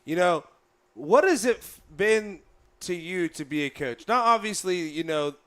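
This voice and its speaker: A man co-hosting a sports podcast, excited and joking with his guest. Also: high-pitched, unhurried. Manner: excited, laughing, jokey. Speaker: podcast co-host. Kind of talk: casual podcast chat.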